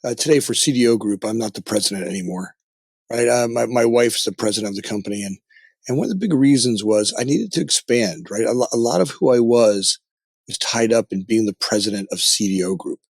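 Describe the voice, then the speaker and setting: A man's voice: lowish voice, a little fast, vocal fry, husky, no room sound. Earnest middle-aged man telling stories. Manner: frequent restarts and tag "right?", earnest storytelling. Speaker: podcast guest, company founder. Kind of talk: casual reflective interview talk.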